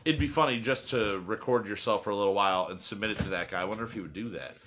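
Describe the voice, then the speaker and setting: A man's voice: lowish voice, racing, noisy background. A young man in his twenties hosting a podcast, chatting casually and rambling with many fillers and restarts. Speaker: podcast host. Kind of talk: casual chat.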